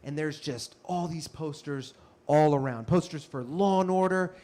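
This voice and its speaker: A young man telling a comic story on stage, animated and self-mocking with quick asides. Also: on the high side. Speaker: comedian and storyteller. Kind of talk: live stand-up storytelling.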